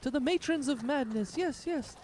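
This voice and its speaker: Man voicing a female wood elf, charmed, over-eager, high and gushing, tabletop game. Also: normal speed, darkish tone, a little hiss or hum. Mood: entranced. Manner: breathless, over-eager praise with repeated "yes, yes".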